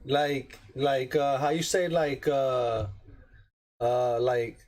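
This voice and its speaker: A man in casual sports chat, talking haltingly and filling his speech with "like" and "man". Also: medium pitch, a little mellow. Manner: halting, full of "like" and "man" fillers. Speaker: podcast co-host.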